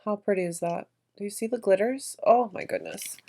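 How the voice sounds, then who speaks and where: A woman's voice: medium pitch, fairly quick, few pauses, mellow, slight background noise. A woman vlogger narrating her makeup routine in a chatty, effusive way, gushing over products. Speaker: beauty vlogger.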